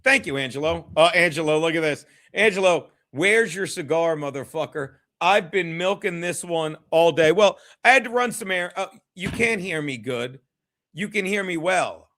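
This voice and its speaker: A man's voice: on the high side, moderate pace, bright, forceful tone. A man hosting his own livestream, rambling and swearing casually as he chats with viewers from home. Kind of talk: casual solo livestream chat.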